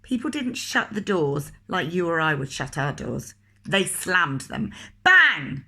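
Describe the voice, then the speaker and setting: Woman, story read-aloud for children, animated delivery, bright tone, questions to listeners. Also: lowish voice, unhurried, creaky. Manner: expressive, asks the listener questions. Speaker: teacher reading a story to children. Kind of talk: picture-book read-aloud.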